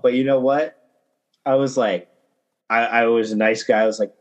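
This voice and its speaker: Young man, casual podcast chat, storytelling, mid-pitched, voices quotes higher. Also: steady tone, moderate pace, long pauses, poor audio.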